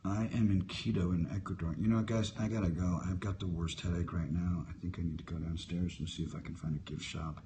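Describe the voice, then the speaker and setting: Low-voiced man in his fifties, musing. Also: steady tone, mellow, a little hiss or hum. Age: 50s. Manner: musing, unhurried, wandering from topic to topic. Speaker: livestreamer answering viewer comments. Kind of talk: casual live-stream chat. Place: hotel at sunrise. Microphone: phone held for a live stream.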